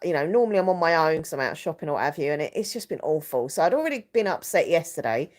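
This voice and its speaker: A woman with a slightly low voice hosts a live stream. She rambles and confides with emotion, her sentences full of fillers and restarts. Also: very animated, fast talker, darkish tone.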